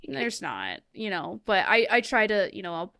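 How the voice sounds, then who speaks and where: A woman's voice: medium pitch, sing-song, normal speed, creaky, bright, forceful tone, clear, resonant tone, no echo, clean studio sound. A woman co-hosting a casual gaming podcast, ranting with heavy profanity. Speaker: podcast co-host. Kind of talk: casual chat.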